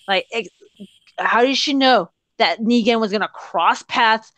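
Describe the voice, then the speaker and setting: A woman's voice: fairly high pitch, a little slow, a bit bright, dry recording. A woman hosting a casual podcast chat, ranting with lots of swearing and laughter. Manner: ranting, profane, laughs often. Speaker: podcast host.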